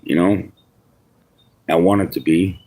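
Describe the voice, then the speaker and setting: Livestreamer, man from New York, lowish voice, rambling and profane, talks straight to chat. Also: measured pace, darkish tone. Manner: rambling, frequent restarts and swearing, chats to viewers. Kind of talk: casual live stream rant.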